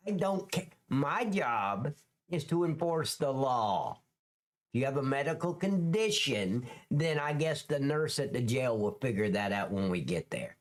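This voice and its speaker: A former police officer offers blunt, profane commentary over clips during a casual livestream. He drags out words for emphasis, speaking in a mid-range voice.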